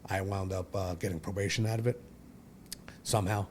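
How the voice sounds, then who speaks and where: A man's voice: deep voice, steady tone, brisk, a little mellow, slight background noise. A man, telling his own story as a podcast guest in a blunt, profane, rambling way. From Brooklyn, New York. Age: 40s. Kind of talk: candid personal storytelling.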